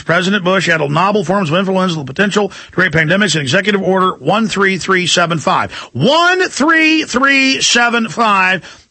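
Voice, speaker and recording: A man's voice: high voice, bright, forceful tone, husky, dry recording. A man hosting a talk radio show in an urgent, combative, ranting monologue. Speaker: radio host.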